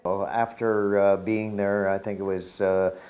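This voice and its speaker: A man in his sixties telling a personal spiritual story in an unhurried, reflective way, with soft laughs. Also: lowish voice, little pitch movement.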